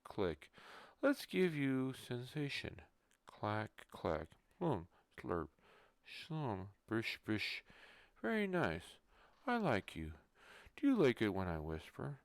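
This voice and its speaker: A man voicing a creepy male ear-cleaner who pulls bugs out of ears. It is a whispered role-play, and he says the sound effects aloud in a hushed voice. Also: mid-range voice, huge pitch swings, slow pace, dry recording, exaggerated voice.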